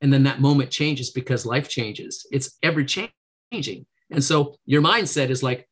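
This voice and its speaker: A man's voice: mid-range voice, unhurried, a bit bright, husky. A middle-aged man, a guest on a podcast interview, talking in an earnest, motivational way and acting out quotes in a lifted voice. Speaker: podcast guest, negotiation trainer. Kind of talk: casual interview.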